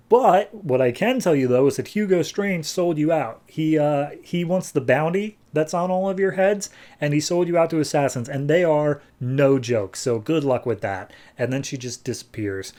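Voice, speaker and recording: A man hosting a comic book podcast, casually recapping an issue with quick, animated quoted lines. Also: fairly high pitch.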